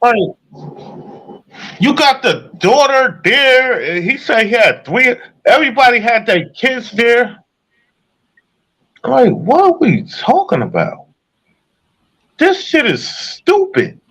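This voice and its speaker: A man's voice: very high voice, big pitch swings, takes it slowly, pauses often, fairly bright tone. A man giving heated, profane casual commentary while reacting to a video, repeatedly incredulous. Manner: heated, incredulous, swears a lot.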